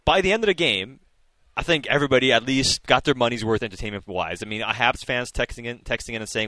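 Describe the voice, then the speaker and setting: A man's voice: mid-range voice, lively intonation, fast, sharp tone, no echo. A male radio host chatting loosely about a hockey game, laughing and restarting sentences as he reads out listener texts. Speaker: radio postgame show host. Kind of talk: casual sports radio chat.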